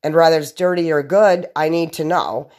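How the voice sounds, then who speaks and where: Low-voiced woman rambling on her podcast. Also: fairly even intonation, moderate pace, a little mellow, slight background noise. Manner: blunt, profane, scattered, with restarts. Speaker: podcast host. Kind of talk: rambling solo podcast monologue.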